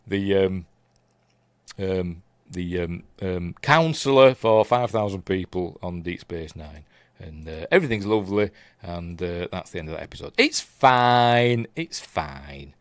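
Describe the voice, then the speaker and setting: Rambling Yorkshire man, low voice. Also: no echo. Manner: rambling, chatty, lots of fillers and trailing asides. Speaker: streamer reviewing TV episodes. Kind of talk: casual live-stream chat.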